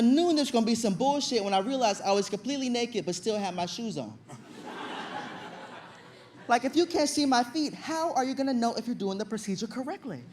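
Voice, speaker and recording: A young stand-up comedian from Virginia, USA, performs on a club stage before an audience, his high voice brisk. He acts out his story with animated delivery and sudden loud shouts, while faint room noise lingers in the background.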